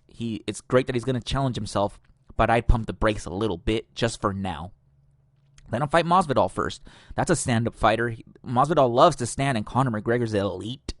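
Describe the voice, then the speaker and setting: A man's voice: fairly low pitch, no room sound, clean studio sound. A man hosting a podcast, ranting casually and profanely with strong opinions. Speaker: podcast host.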